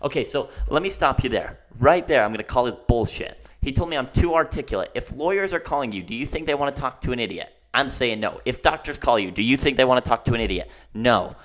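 A man's voice: mid-range voice, animated, fast, few pauses, a bit bright. A man hosting a solo podcast, ranting emphatically and often asking "okay?". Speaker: podcast host.

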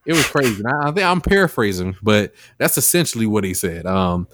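A man's voice: on the low side, sing-song, brisk, noisy background. A man hosting a podcast, chatting casually and rambling with lots of fillers as he retells a story. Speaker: podcast host. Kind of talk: casual chat.

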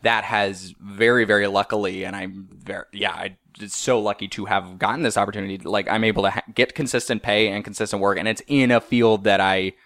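A man's voice: fairly low pitch, steady tone, brisk, few pauses, fairly bright tone, dry recording. A young man from the United States, a comedian guest on a podcast, talking in a wry, rambling, easygoing way. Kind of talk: casual chat.

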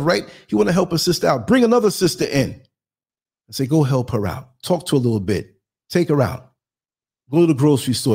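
A man's voice: fairly high pitch, a little mellow. A man hosting a live stream, giving emphatic, preachy commentary in street slang, asking the audience rhetorical questions and reading viewer comments. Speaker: podcast host.

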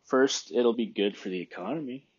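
A man's voice: mid-range voice, normal speed, breathy edge, lo-fi sound. A man in a casual opinion monologue, rambling and thinking aloud, often questioning himself.

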